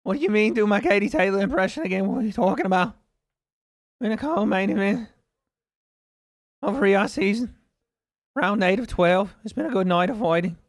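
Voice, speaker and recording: A man's voice: sits high, a little fast, long pauses. A man hosting a livestream watch party, talking loosely with chat, swearing and laughing as he reacts to the fights. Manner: loose, profane, laughing, chatting with viewers. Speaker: livestream host. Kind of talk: casual live reaction commentary.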